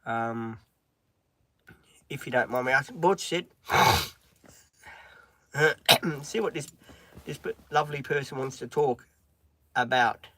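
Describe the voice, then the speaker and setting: A man's voice: medium pitch, slow, pauses often, sharp tone, dry recording. A middle-aged man chatting on a live stream from inside a van, rambling with lots of ums and breaking off to talk to his dog. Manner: rambling, with many filler ums. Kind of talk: casual live-stream chat.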